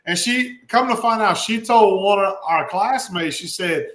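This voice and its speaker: High, bright-voiced Cajun man telling stories. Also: unhurried, few pauses, slight background noise. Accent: South Louisiana Cajun. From Louisiana. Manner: animated storyteller, laughs often. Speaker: podcast host. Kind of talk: casual chat. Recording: echoey room.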